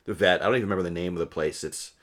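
Rambling, emotional New man, low voice. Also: steady tone, racing, a bit bright. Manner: rambling, emotional, laughs often, many restarts. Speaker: podcast co-host. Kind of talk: casual storytelling chat.

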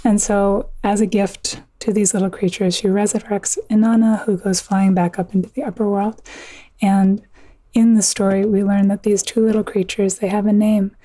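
A woman author telling an old myth in a conversation, earnest and vivid, with quick asides. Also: mid-range voice, little pitch movement, mellow, dry recording. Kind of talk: conversational storytelling.

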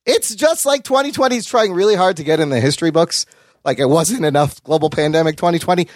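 A man hosting a podcast, energetic and joking, swearing freely in casual chat. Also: on the high side, fast talker, no echo, studio quality. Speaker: podcast host.

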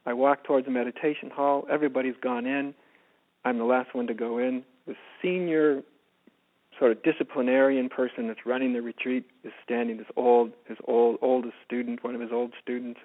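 Soft-spoken man on a tinny phone line. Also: medium pitch. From United States. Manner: soft-spoken, often drops to a hushed voice. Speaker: spiritual teacher, guest. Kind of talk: reflective personal storytelling.

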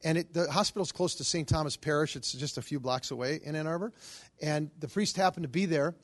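High-voiced preacher telling stories. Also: male voice, brisk. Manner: animated, acts out quoted voices. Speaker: Catholic charismatic preacher. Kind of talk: storytelling sermon.

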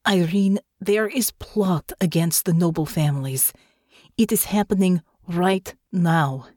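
A woman's voice: lowish voice, slow pace, darkish tone, dry recording, studio quality. A woman voicing an injured female ex-soldier guard who talks formally and without contractions in an audiobook. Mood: pleading. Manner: formal clipped speech without contractions, drops articles. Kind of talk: audiobook character voice.

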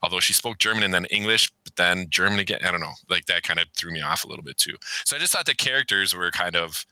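A middle-aged man ranting about a film in loose, profane chat, his voice bright and forceful. He sits a little low in pitch but climbs sharply when worked up. The sound is dry and close. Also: quick pace, no room sound, poor audio. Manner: profane, animated, rants in raised voice. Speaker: podcast co-host. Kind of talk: casual movie review chat.

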